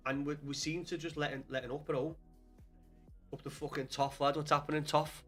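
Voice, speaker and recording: A man's voice: on the high side, flat delivery, brisk, fairly bright tone, faint music behind. A young man with a Scouse accent chatting casually on a live stream about football, swearing often and calling viewers lad. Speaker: livestream host.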